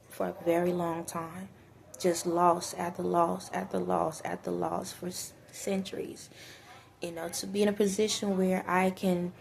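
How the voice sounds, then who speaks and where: A woman speaking earnestly in a personal vlog, tearful and halting. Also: medium pitch, gravelly, mellow, slight background noise. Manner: tearful, earnest, faith-filled, halting with restarts. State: teary, sniffly. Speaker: vlogger. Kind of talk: emotional personal talk to camera.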